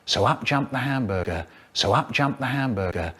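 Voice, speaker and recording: A man's voice: mid-range voice, expressive, normal speed, husky. A man, telling playful, exaggerated stories in edited clips. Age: 70s. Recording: remix with loud music bed.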